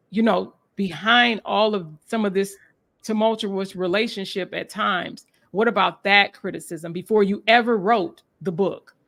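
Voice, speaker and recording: A woman's voice: mid-range voice, a bit bright. Woman interviewer; mid-range voice, probing, rambling questions. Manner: searching, rambling questions with restarts. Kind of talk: interview conversation.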